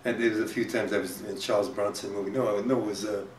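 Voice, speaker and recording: A man's voice: on the low side, steady tone. Rambling male host, echoey and distant. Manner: rambling, halting, many restarts. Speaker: talk show host. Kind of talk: casual interview chat. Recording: echoey room, mic at a distance, faint ambient noise.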